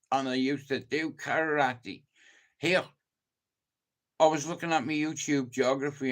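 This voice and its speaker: A man with an Irish accent talks slowly and deliberately through a casual live-stream monologue. He swears freely and leans hard on his points, speaking in a middling voice. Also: medium pitch, a bit bright. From Ireland. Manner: sweary, emphatic storytelling.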